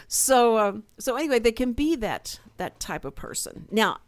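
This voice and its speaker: A woman's voice: a little high, moderate pace, dry recording. A woman co-hosting a community radio show, telling a work story in casual chat and acting out the voices of the people in it. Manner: animated storyteller acting out quoted dialogue. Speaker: radio co-host. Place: radio studio.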